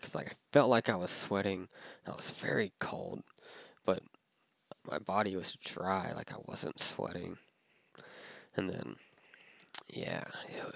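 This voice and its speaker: Deep gravelly man telling a story. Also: dry recording. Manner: rambling, many fillers and restarts. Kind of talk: casual first-person storytelling.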